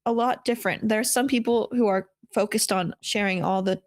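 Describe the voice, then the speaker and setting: A woman's voice: medium pitch, steady tone, fairly quick, no room sound, clean studio sound. A woman hosting a casual podcast chat, speaking with enthusiasm and heaping praise on her guest. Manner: warmly enthusiastic, full of praise. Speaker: podcast host.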